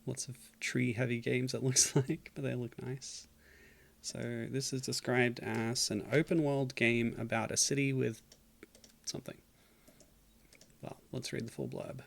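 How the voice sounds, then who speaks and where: A man's voice: medium pitch, little pitch movement, a little slow, vocal fry. A man streaming a game, chatting casually and reading game text aloud with dry, self-mocking asides. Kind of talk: casual gameplay commentary.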